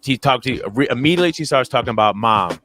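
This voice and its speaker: A man's voice: quick pace, faint music behind. A man co-hosting a podcast, telling a story casually and acting out the people in it with big jumps in his voice. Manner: animated retelling, acts out quoted voices with big pitch jumps. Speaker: podcast co-host.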